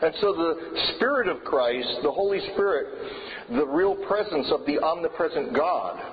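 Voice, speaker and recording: High-voiced man preaching in a reverberant hall. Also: big pitch swings, moderate pace, creaky. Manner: earnest, emphatic repetition of key phrases. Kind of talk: sermon. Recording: dull lo-fi sound with long reverb in a hall.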